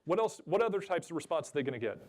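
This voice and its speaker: A man's voice: a little high, lively intonation, racing, a little mellow. A man giving a jokey, chatty seminar talk at a convention and asking the audience questions. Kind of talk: live presentation to a room.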